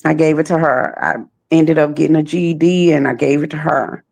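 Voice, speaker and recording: Gravelly low-voiced woman telling her story. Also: steady tone, a little mellow, no echo. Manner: slow, halting, repeats phrases. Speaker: trafficking survivor guest. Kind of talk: personal testimony.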